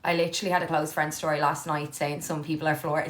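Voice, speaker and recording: A young woman chatting casually on a live stream from her living room, reading and answering viewer comments, candid and quick to swear. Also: low-pitched, level tone, fairly bright tone.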